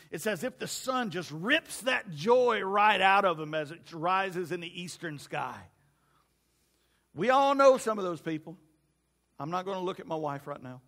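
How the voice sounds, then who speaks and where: Casting: male pastor, high voice, animated and joking with the congregation, long church reverb. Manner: animated and humorous, talks to the congregation. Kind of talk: sermon.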